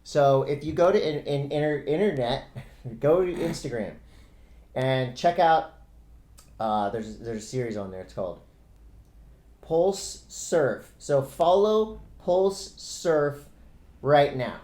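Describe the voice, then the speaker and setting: A man's voice: mid-range voice, expressive, measured pace, long pauses, a little mellow. A middle-aged man co-hosting a casual podcast, loose and rambling, laughing often. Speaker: podcast co-host. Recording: roomy echo.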